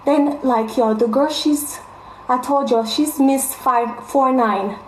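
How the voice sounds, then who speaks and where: High-voiced young woman telling a story. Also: slow, a little hiss or hum. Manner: emphatic, repeats phrases for stress. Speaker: vlogger. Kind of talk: casual storytelling to viewers. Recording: roomy echo.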